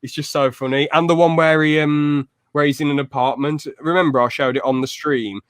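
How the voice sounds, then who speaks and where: A young man hosting a podcast in casual chat, telling stories lively and acting out quotes. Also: fairly high pitch, a little fast, dry recording, studio quality. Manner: lively storyteller who acts out loud quotes. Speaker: podcast host.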